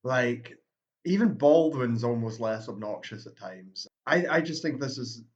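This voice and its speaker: A man's voice: medium pitch, lively intonation, measured pace. A man co-hosting a podcast, talking bluntly with lots of swearing in casual chat. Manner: blunt, swears a lot, frequent "like" fillers. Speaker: podcast co-host. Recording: dull lo-fi mic.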